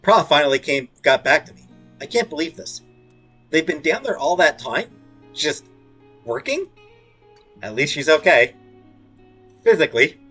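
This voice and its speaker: Lively husky man reading game dialogue. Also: fairly high pitch, unhurried, long pauses, faint music behind. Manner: playful, jokey asides between read lines. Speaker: gaming YouTuber reading game dialogue aloud. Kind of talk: let's play, reading dialogue in character voices.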